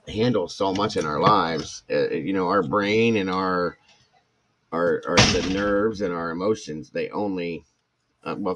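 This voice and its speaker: A man's voice: sits low, a bit bright, slight background noise. A middle-aged man, a former firefighter and paramedic, talking candidly to viewers in a rambling way, full of restarts and asides. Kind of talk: casual talk to viewers.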